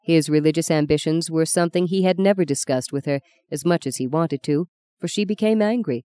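A woman narrating an audiobook in a measured, even storytelling manner, close to the mic. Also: low voice, smooth.

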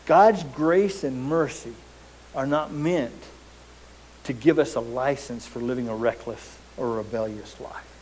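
A man's voice: medium pitch, unhurried, a little mellow, a little hiss or hum, rough recording. A man preaching a sermon as pastor, emphatic, posing rhetorical questions and repeating words as he goes.

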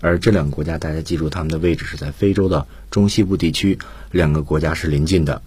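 A man's voice: very deep voice, fast talker, darkish tone, breathy edge. A man teaching English on the radio, patiently explaining and repeating key points in a bilingual lesson.

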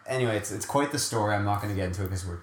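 A man's voice: fairly low pitch, rapid-fire, a little hiss or hum. A young man co-hosting a podcast, rambling in a casual, self-mocking, jokey way. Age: young adult. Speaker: podcast co-host. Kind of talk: casual chat. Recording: echoey room.

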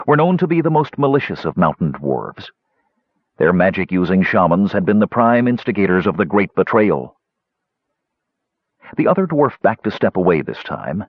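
A man reading a fantasy novel aloud as the narrator, in measured storytelling. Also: deep voice, breathy edge, dry recording. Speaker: audiobook narrator. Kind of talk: scripted narration. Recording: dull, dry close recording.

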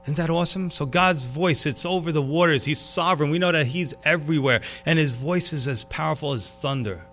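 A man preaching a sermon, animated and casual, dropping to a hushed tone for emphasis. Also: on the high side, fairly quick, soft background music. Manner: animated, drops to a hush for emphasis. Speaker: pastor.

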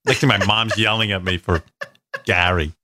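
A man's voice: on the low side, fairly even intonation, moderate pace, pushed and bright, no echo. A man hosting a radio show, chatting and joking bluntly with his co-hosts and callers. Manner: blunt, joking, loose with swearing. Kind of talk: casual radio banter.

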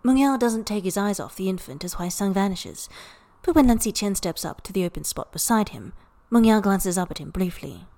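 A woman narrating a story for a podfic in even, unhurried storytelling. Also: mid-range voice. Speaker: podfic reader. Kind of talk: scripted narration.

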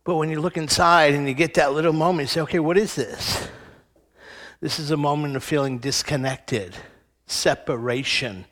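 A man's voice: fairly high pitch, brisk, a bit bright, long reverb tail. A middle-aged man giving a conversational sermon, telling personal stories and acting out the voices in them. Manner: conversational storytelling, acts out voices. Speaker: speaker at a spiritual center.

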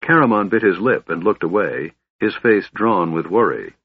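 A man narrates a fantasy audiobook with a lowish, husky voice and measured pacing. The recording is dry and a bit dull, with no room sound. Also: animated, no room sound.

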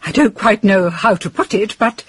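An actress playing a prim, earnest secretary who speaks hesitantly and with disapproval. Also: female voice, mid-range voice, moderate pace, husky, dry recording, close to an everyday voice. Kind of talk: radio drama acting.

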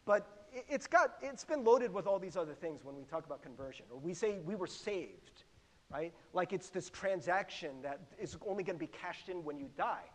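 Preaching at a normal speed, a middle-aged pastor uses a high, lively voice and keeps things chatty and animated. He laughs frequently and asks his listeners questions, and a long reverb suggests a large hall.

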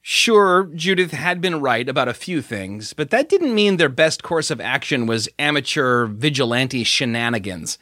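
A male audiobook narrator with a bright, forward voice, telling the story in an even, expressive way. Recorded close in a dry booth with no room sound. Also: mid-range voice, normal speed, hardly any pauses, dry recording.

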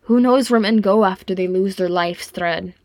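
A woman reading aloud and voicing a gentle, hopeful male dwarf. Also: medium pitch, normal speed, dry recording, lightly acted.

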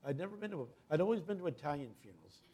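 An older man preaching a guest sermon, telling stories with humor and building to loud, impassioned climaxes. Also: fairly high pitch, expressive, racing, slightly rough.

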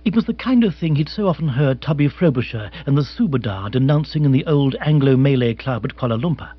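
A man narrating an audiobook in a dry, measured storytelling way. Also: medium pitch, animated, breathy edge, highs cut off. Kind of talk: audiobook reading.

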